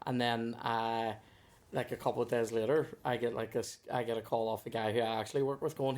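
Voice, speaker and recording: A man's voice: medium pitch, steady tone, fairly quick, a little mellow, a little hiss or hum. Laughing, rambling man. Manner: rambling, laughs through his stories. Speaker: guest comedian. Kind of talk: casual chat.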